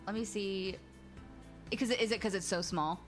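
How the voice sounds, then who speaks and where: A woman hosting a stream, chatting casually in an animated way with many restarts. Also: mid-range voice, moderate pace, soft background music. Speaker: streamer host. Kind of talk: casual reaction chat.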